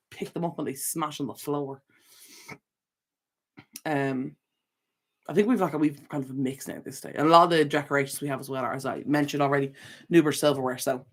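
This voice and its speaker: A young adult stream host with a medium-pitched, mid-range voice reads viewer comments during a casual livestream. The host is chatty and rambling, laughs a lot, and often corrects themself mid-sentence.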